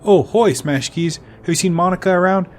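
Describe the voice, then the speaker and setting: Man doing a worried teen street kid, eager, slightly raised pitch. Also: brisk, darkish tone, slight background noise, lightly acted. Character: anxious teenage street kid, boyish.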